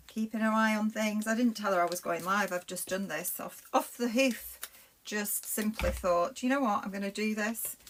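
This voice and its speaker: Middle-aged woman with a Lancashire accent, craft presenter chatting live as she works, rambling and friendly, mid-pitch. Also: a bit bright, a little hiss or hum. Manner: chatty, rambling, talks to viewers while working with her hands. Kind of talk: live-streamed craft demonstration.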